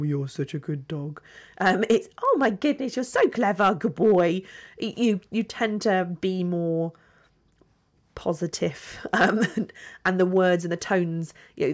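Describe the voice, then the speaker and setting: A middle-aged woman hosting a podcast as a dog trainer, talking casually with fillers and small laughs. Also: medium pitch. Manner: chatty, with fillers and little laughs. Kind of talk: casual solo podcast talk.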